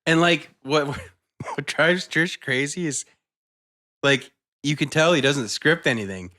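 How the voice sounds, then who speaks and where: A man co-hosting a comedy podcast who laughs often and reacts with quick interjections. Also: fairly high pitch, sharp tone. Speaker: podcast co-host. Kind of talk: casual comedic chat.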